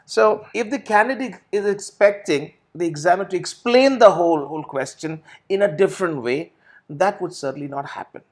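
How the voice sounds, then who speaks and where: A man's voice: high voice, fairly quick. A middle-aged man, an IELTS trainer answering questions. He explains things step by step and often repeats words and restarts his phrases. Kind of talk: teaching in a recorded Q&A session.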